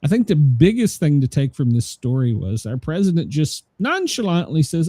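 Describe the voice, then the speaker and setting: Lively, rambling male show host. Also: fairly high pitch, normal speed, hardly any pauses, dry recording. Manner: rambling, many fillers, laughs at own jokes. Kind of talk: casual news commentary chat.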